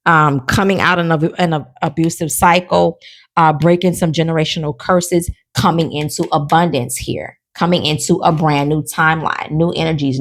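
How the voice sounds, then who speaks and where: Low-voiced, chatty woman reading tarot. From New Orleans. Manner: chatty and encouraging, tags lines with "okay?" and "right?"; animated, with frequent laughter. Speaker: tarot reader. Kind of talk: casual tarot reading to viewers. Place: at home.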